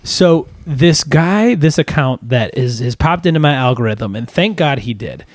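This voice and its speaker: A man's voice: medium pitch, animated, a little slow, no echo. A man co-hosting a podcast in casual chat, rambling and acting out quoted phone calls. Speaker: podcast co-host.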